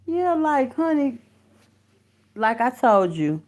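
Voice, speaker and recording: A woman with a high, sing-song, darkish voice speaks slowly while hosting a casual livestream through her phone or computer. Reading viewer comments, she greets people by name, swears freely, and calls them honey and baby.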